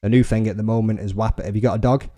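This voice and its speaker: A young man hosting a podcast, telling sweary, animated stories in casual chat. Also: lowish voice, rapid-fire. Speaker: podcast host.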